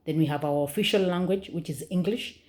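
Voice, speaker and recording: A woman's voice: low-pitched, brisk, darkish tone. A young Kenyan woman with a Kenyan accent, chatting casually in her vlog, laughing often and using lots of fillers. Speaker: vlogger.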